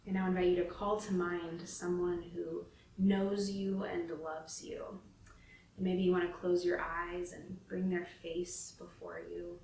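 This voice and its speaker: A woman leading a spoken devotion, slow, gentle and reflective, inviting listeners into a prayerful practice. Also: fairly low pitch, level tone, creaky, slight background noise. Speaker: devotion leader. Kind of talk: spoken devotion with scripture reading. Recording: roomy, from a distance.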